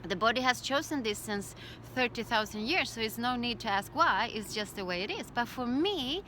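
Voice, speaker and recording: A middle-aged woman telling her own story as a birth educator, in a calm, reflective way. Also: fairly high pitch, moderate pace, a little hiss or hum. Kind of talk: personal storytelling.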